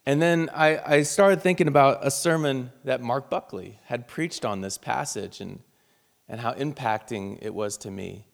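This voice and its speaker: A man's voice: medium pitch, moderate pace, gravelly, in a large hall. A man, a pastor, preaching a sermon and telling a personal story in an earnest, heartfelt way.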